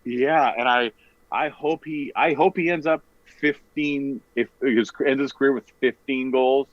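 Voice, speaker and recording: A comedian on a podcast who rambles, corrects himself and tells stories in casual chat. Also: male voice, medium pitch, steady tone, unhurried. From Canada. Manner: rambling, self-correcting storyteller. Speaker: comedian guest. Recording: dull, dry podcast audio.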